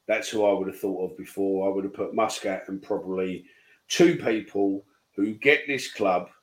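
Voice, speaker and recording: A man's voice: sits low, normal speed, low-quality recording. A man co-hosting a casual football chat show, blunt and sweary. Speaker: podcast co-host.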